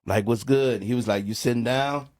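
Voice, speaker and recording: A man's voice: medium pitch, moderate pace. A middle-aged man from New Orleans, a music producer guest on a podcast, telling a personal story in casual talk and acting out the quoted dialogue. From New Orleans, USA. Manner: animated storyteller who acts out quoted dialogue, peppered with "bro" and "man".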